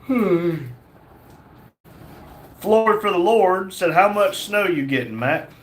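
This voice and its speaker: A man's voice: high-pitched, lively intonation, slow. A man co-hosting a casual livestream, worn out and a bit out of breath, reading viewer comments with a joking drawl. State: tired, out of breath. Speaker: livestream co-host. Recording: echoey room with faint background noise.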